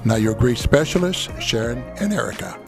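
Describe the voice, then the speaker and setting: A man reading a formal, scripted introduction for a podcast in a measured voice. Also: mid-range voice, big pitch swings, gravelly. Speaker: show announcer. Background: music.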